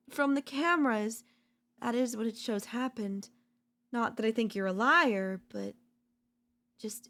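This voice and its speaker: A woman voicing a possessive, doting yandere girlfriend in a whispered role-play, talking softly and slowly at a close mic. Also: on the high side. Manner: soft, possessive, doting, slow and lingering. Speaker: voice actor.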